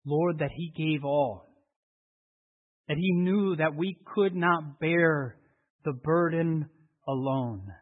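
A man preaching a sermon, telling a story and then making emotional appeals that swell and drop to hushed prayer. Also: on the high side, slow, long pauses. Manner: emotional, rising to fervent appeals and dropping to hushed tones. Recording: tinny phone-like audio.

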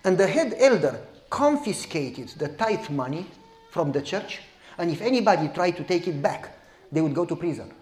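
A man, preaching as a pastor and telling a story in a lively, direct way. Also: high-pitched, roomy sound. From Romania. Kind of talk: sermon storytelling.

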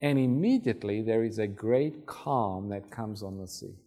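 Male preacher, relaxed storytelling sermon delivery, acts out scenes. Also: fairly low pitch, moderate pace. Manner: conversational, acts out Bible scenes.

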